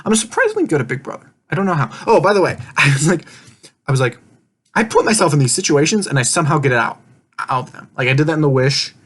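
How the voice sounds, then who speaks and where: Here a man with a fairly high, husky voice talks quickly, his pitch swinging widely. He's loosely recounting an online game, rambling, laughing often, cursing casually and performing his own quoted lines.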